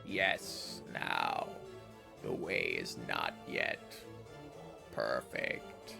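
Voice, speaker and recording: A man voicing a ponderous, stone-skinned male monk who speaks slowly in the third person with a deep grinding rumble. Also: very animated, vocal fry, music in the background, exaggerated voice. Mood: solemn. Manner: slow, halting, speaks of himself in third person. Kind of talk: reading game dialogue aloud.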